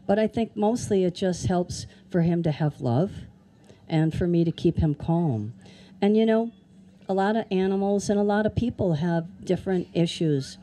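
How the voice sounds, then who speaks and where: A woman with a low, dark voice presents animals at a live educational talk for kids in an outdoor amphitheater. She's chatty and playful, asking the children lots of questions.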